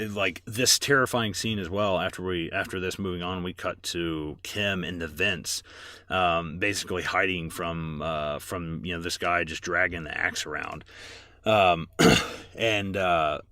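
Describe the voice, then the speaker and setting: A man with a low, bright voice talks through a horror film scene by scene on a podcast. He rambles loosely, with plenty of fillers and swearing. The sound is dry and close. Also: measured pace, dry recording. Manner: rambling, filler-heavy, profane. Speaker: podcast co-host. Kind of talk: casual movie recap chat.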